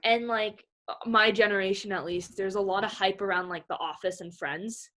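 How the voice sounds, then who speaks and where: A woman's voice: mid-range voice, normal speed. Gushing young woman podcast guest. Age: young adult. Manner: gushing, excitable, fillers like "like". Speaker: guest swimmer. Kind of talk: casual podcast interview.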